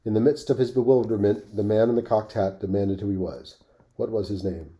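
A man reading a classic story aloud on his podcast, expressive, with offhand asides. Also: lowish voice, fairly quick.

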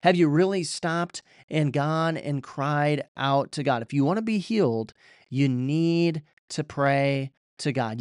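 A man's voice: on the high side, expressive, takes it slowly, clear, resonant tone, no room sound, studio quality. A man preaching a sermon, reading scripture and then urging listeners in an earnest, repetitive way with frequent restarts.

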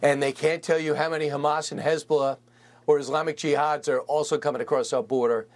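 A man hosting a TV news segment, brisk in his delivery. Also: fairly high pitch, fairly even intonation. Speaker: TV news host. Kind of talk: TV news interview.

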